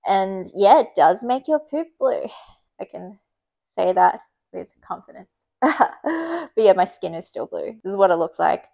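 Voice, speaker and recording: A woman, chatting casually in a vlog, full of "like" and quick to laugh. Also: medium pitch, lively intonation, vocal fry, dark tone. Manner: chatty, filler-heavy with frequent "like"; laughs easily while telling stories. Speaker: vlogger.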